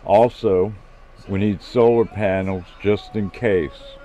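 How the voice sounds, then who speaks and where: A man doing a chatty, excitable Australian inventor who loves his slang. He keeps explaining his plans in a steady, low voice at an unhurried pace, a bit louder than the narration, in a self-read storybook. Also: lo-fi sound. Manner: Aussie slang, explaining at length.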